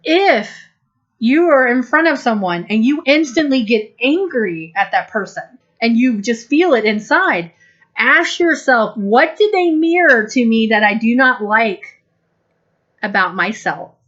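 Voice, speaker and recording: A woman giving a channeled spiritual talk, speaking slowly, gently and deliberately, and acting out small quoted exchanges. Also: a little high, animated. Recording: dull lo-fi recording.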